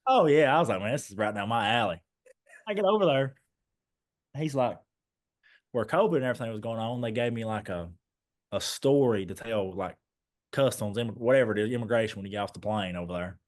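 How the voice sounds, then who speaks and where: A young man with a low, voice spins a story as a podcast guest. He acts out every line of dialogue in lively fashion. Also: fairly quick. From Eastern Kentucky, USA. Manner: animated storyteller acting out dialogue. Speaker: guest, former basketball player.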